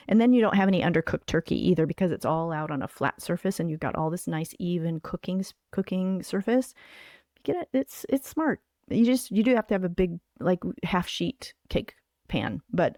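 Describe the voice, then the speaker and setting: A woman's voice: lowish voice, a little mellow, no echo. Older female livestream host, chatty and rambling with lots of fillers; dry, close sound. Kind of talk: casual chat.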